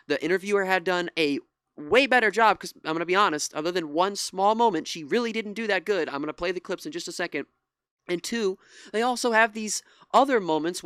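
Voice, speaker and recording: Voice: medium pitch, a bit bright, clean tone, no room sound, studio quality. A young commentator giving a frustrated, indignant reaction to a TV interview, with many restarts and some swearing. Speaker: political commentary YouTuber.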